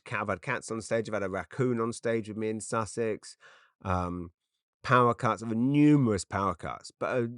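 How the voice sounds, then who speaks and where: A middle-aged English man hosting a podcast, telling rambling comic stories with quick asides and restarts. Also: deep voice, a bit bright, no echo, clean studio sound. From England. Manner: chatty, self-interrupting, quick asides. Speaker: podcast host. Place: makeshift home studio padded with cushions.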